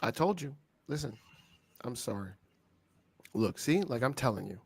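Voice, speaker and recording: A man's voice: medium pitch, expressive, moderate pace, gravelly, husky. A man co-hosting a casual wrestling chat, laughing, teasing and arguing his point. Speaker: podcast co-host.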